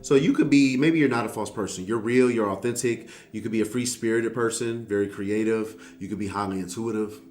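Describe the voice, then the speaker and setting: A man's voice: fairly low pitch, a little fast, hardly any pauses, darkish tone. A man giving a casual tarot reading, talking straight to the viewer in a sassy, blunt and profane way. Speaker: tarot reader.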